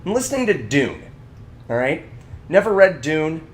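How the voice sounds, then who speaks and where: A man co-hosting a podcast in casual chat, ranting with animated energy. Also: fairly high pitch, moderate pace. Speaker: podcast co-host.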